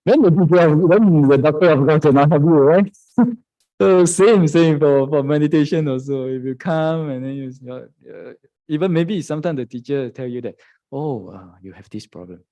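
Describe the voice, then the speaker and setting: A Buddhist monk gives a meditation dharma talk in a mellow, slightly high voice at a moderate pace, with lo-fi sound. He chuckles often, acts out his students' lines in quoted voices and checks in with "huh?".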